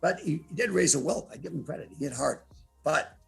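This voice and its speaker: A man in his eighties with a heavily gravelly, husky voice tells his stories brashly and with plenty of swearing. He talks as a guest on a podcast, with faint music underneath. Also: fairly high pitch, a little fast. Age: 80s. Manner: brash, profane, animated storyteller. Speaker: interview guest, martial artist. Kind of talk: storytelling in a podcast interview.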